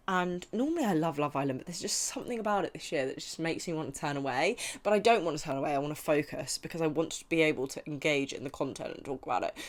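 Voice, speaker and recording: Low-voiced woman, ranting casually. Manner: ranting, blunt, animated, slangy. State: tipsy and chatty after brunch. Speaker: podcast host. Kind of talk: casual chat.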